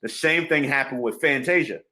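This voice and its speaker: Bright-voiced man telling a story. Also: medium pitch, normal speed. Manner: laughs often, acts out phone calls. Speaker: music producer and drummer guest. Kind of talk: animated storytelling in a casual interview.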